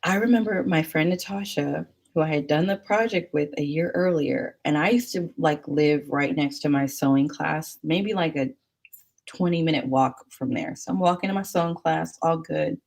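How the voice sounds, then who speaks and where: A woman's voice: deep voice, normal speed, gravelly, a little mellow. A woman telling stories in casual chat, rambling and chatty with many fillers.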